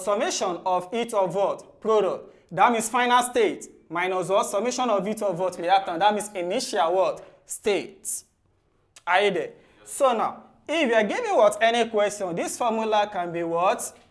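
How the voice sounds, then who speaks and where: Teaching exam-prep chemistry at a normal speed, this man sounds expressive. He tacks "what?" onto nearly every phrase and answers it himself, quietly and in a low register.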